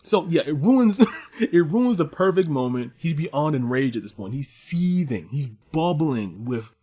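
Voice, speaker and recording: A man's voice: a little high, a little slow, husky. A young man reviewing an anime series in casual commentary, swearing freely, rambling and laughing as he tells stories. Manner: profane, animated and rambling with frequent laughs. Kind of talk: casual commentary and personal storytelling.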